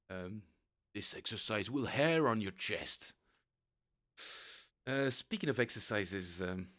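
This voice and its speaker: A middle-aged man, a bassist, chatting casually to viewers on his live practice stream, rambling and correcting himself as he goes. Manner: rambling and self-correcting, chuckling often.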